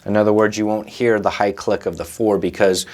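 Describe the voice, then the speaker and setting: A man's voice: on the low side, steady tone, brisk, darkish tone. A man hosting a drum lesson, patiently explaining rudiments and counting stickings aloud. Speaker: drum teacher and show host. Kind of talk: instructional talk to camera.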